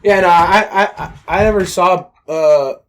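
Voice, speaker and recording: A man's voice: high voice, normal speed, fairly bright tone. A man co-hosting a podcast in casual, crude, joking chat, often trailing off with fillers. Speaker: podcast co-host.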